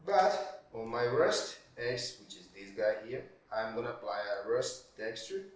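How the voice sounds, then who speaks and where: Slow-talking man in an echoey room. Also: medium pitch, lively intonation. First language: Portuguese. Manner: thinks aloud, many tag questions and restarts. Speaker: 3D art tutorial creator. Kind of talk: screen-recorded software tutorial. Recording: very echoey room, distant mic.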